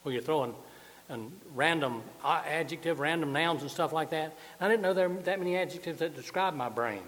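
Folksy pastor in a reverberant church. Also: male voice, fairly high pitch, fairly quick, fairly bright tone, a little hiss or hum. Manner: folksy, joking, moving around while preaching. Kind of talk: sermon. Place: church sanctuary with balcony.

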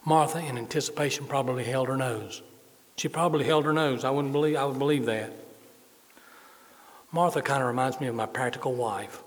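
A man's voice: mid-range voice, fairly quick. A middle-aged male pastor giving a sermon, repeating phrases for emphasis and adding folksy humor. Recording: long hall reverb.

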